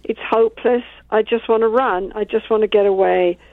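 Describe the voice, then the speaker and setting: A woman, a couples therapist, calmly explaining her work in an interview and acting out examples from her sessions. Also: mid-range voice, normal speed, dry recording. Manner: calm, explains with acted-out examples. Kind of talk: interview conversation. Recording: tinny phone-like dry sound.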